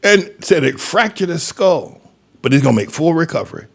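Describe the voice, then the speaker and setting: A man's voice: on the high side, sing-song, moderate pace, creaky, husky. A man, a pastor, rambling through a folksy commentary monologue with chuckling asides.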